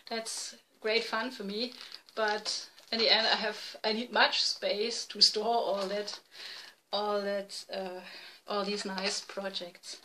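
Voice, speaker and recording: A woman in her forties from East Germany with a German accent, hosting a casual podcast in halting, self-correcting English. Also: mid-range voice, sharp tone, slight background noise, poor audio. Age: 40s. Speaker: podcast host. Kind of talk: casual video podcast chat. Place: home room, dim light.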